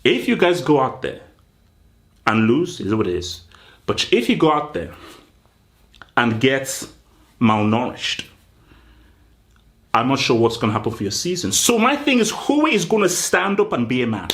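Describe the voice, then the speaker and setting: In a mid-range voice, an animated man who hosts a football channel rants through a joking pep talk. He speaks straight to the players in this mock team talk, alternating loud bursts with slow delivery.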